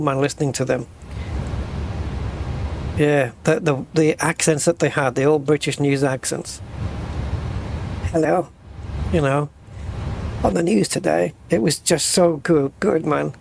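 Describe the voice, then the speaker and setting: Gravelly, chatty flight sim streamer man. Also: fairly high pitch, slight background noise. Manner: chatty, reads and answers chat while flying. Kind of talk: casual live-stream chat over gameplay.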